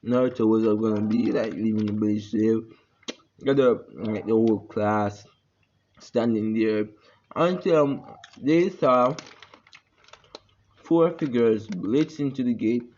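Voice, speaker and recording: A man's voice: lowish voice, slow, pauses often, a little mellow. A man casually retelling a fan story, rambling with many fillers and restarts, on a dull lo-fi recording.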